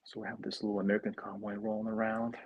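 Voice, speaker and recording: A man hosting a casual live stream, chatting excitedly and thinking aloud while he builds a toy kit. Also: lowish voice, fast talker, creaky, slightly rough, dull audio.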